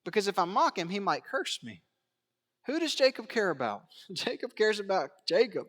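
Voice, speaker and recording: A man preaching a sermon in a church, swinging between hushed asides and raised emphatic lines, chuckling and asking rhetorical questions. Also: sits high, lively intonation, normal speed, in a large hall. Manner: acts out biblical quotes in character voices. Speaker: pastor. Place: church sanctuary.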